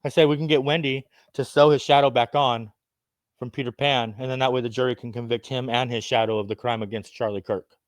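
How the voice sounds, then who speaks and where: A man delivering a profane, rambling, conspiratorial monologue, swinging between loud outbursts and muttered asides. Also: mid-range voice, steady tone, a little fast, dry recording, clean studio sound. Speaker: self-styled candidate addressing viewers. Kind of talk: ranting monologue.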